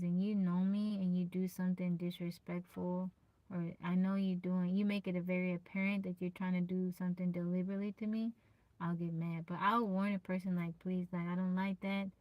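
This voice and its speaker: Soft-spoken, easygoing woman streamer. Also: lowish voice, level tone, normal speed, no echo. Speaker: live streamer. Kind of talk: casual live-stream chat.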